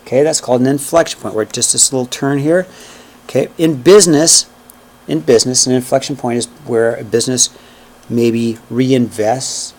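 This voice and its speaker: A man gives a math lecture in a classroom, talking through each step and counting them out loud as he works, checking in with "okay?" and "right?". His voice is medium in pitch and darkish in tone, with fairly even intonation and a moderate pace.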